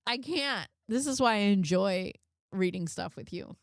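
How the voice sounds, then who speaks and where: Smooth-voiced exasperated woman commentator. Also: mid-range voice, expressive, unhurried, dry recording, clean studio sound. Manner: exasperated, laughing reactions. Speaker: YouTube commentator. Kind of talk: reading texts aloud with commentary.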